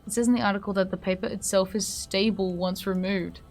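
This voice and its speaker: A woman's voice: mid-range voice, steady tone, fairly quick, a little mellow, faint music behind. A woman with an Australian accent chatting casually on stream, then reading a story aloud with small stumbles. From Western Australia. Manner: chatty, hesitant, stumbles over words when reading.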